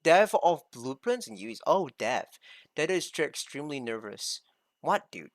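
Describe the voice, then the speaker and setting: A young man streaming, reacting casually and excitably to a presentation, cursing and thinking aloud. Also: on the high side, moderate pace, no room sound. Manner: excitable, swears, talks to himself in bursts. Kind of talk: casual live reaction commentary.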